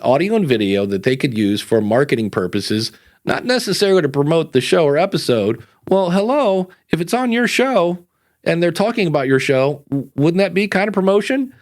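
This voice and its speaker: A man's voice: fairly high pitch, moderate pace. Sarcastic ranting male podcast host. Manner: ranting, sarcastic, animated asides. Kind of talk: casual podcast chat.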